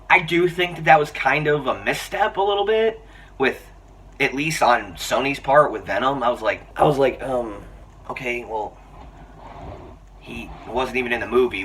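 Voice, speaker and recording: A young man giving a casual, excitable film review, rambling with lots of restarts and fillers. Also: on the low side, distant mic, slight background noise. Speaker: movie reviewer.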